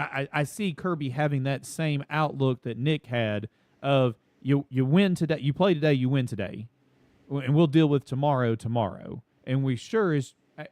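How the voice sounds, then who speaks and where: A man's voice: mid-range voice, a little mellow, no room sound. Man, folksy, casual sports talk, mid-range voice, dry sound. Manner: folksy, drawn-out emphasis.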